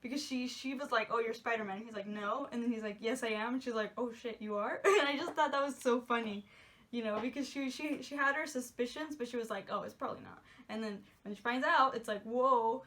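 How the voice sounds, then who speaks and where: A woman's voice: on the high side, brisk, a bit bright. A young woman chatting casually in a movie review, gushing and giggly, rambling with lots of "like"s. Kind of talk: casual spoiler review chat.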